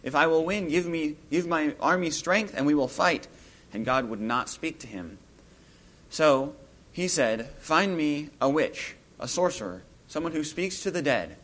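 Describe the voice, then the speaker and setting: A man giving an informal Bible talk, musing aloud as he retells a scripture story and growing lively when he acts out the scenes. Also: a little high, a little slow.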